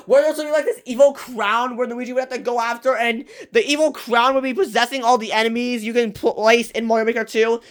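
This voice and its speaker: A young channel creator in their late teens giving a casual update, rambling in rushed bursts with many restarts and self-corrections. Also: medium pitch. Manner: breathless rush, trailing off with fillers. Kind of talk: casual rambling vlog talk.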